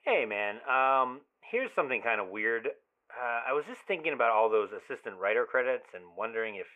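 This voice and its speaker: A man's voice: medium pitch, lively intonation, a little fast, close to an everyday voice. An actor playing an obsessive young man who leaves rambling, swearing, overly familiar voicemails in an audio drama. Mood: uneasy. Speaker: caller leaving voicemails. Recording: tinny phone-line voicemail.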